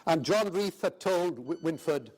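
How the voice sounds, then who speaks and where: An older man with a Welsh accent speaks to a festival audience in a fairly high voice. He tells stories in a halting, rambling way, full of fillers and asides to the chairman. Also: animated, darkish tone, slightly rough. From Wales. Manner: anecdotal, hesitant with many fillers, addresses the chairman. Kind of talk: after-dinner speech. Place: festival hall.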